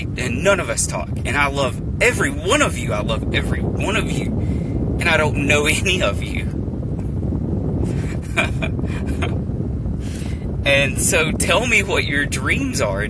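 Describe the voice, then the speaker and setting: A man speaking to his live viewers from a phone in an emotional, rambling monologue, earnest and repetitive, often saying "dude". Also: mid-range voice. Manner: rambling, earnest, repeats himself, says dude. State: emotionally overwhelmed. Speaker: streamer talking to live viewers. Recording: clear background noise, vehicle sounds.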